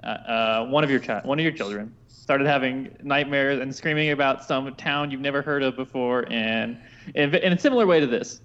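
A man co-hosting a podcast talks casually in a middle-pitched voice, often stumbling and restarting. His audio sounds dull and lo-fi. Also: normal speed, a bit bright. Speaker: podcast co-host.

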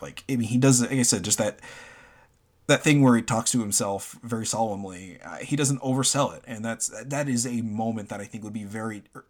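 A man's voice: on the low side, slightly rough. A man chatting casually about a video game he played, rambling with lots of fillers and restarts. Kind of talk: casual game review chat.

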